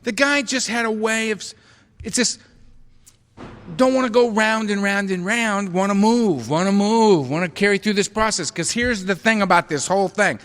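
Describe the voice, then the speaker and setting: A middle-aged man speaking at a recovery meeting, telling a story with an animated, self-mocking sense of humor. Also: high-pitched, moderate pace. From United States. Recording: hall reverb, live talk recording.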